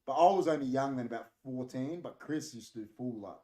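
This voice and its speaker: A man's voice: medium pitch, fairly quick, mellow. An Australian man co-hosting a casual podcast, joking and teasing his friends. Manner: teasing, jokey. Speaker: podcast co-host. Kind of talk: casual chat.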